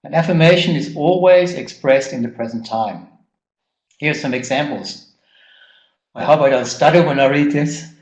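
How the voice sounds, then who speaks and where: A man leading a personal growth workshop, speaking haltingly with repeated words and frequent ums. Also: a little high, lo-fi sound. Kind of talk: live workshop teaching. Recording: echoey room.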